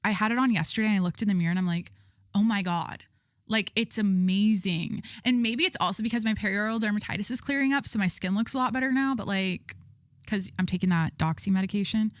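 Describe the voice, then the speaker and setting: A young woman with a mid-range voice hosts her own podcast, talking quickly in a casual chat. She tells stories in a rambling, chatty way packed with fillers, and the studio sound is clean with no echo.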